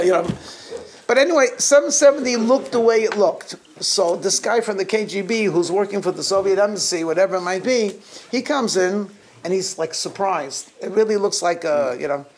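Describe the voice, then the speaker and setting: With a high voice, lively intonation and normal speed, a middle-aged rabbi recounts holiday anecdotes for his congregation. He frequently laughs mid-sentence and restarts what he's saying.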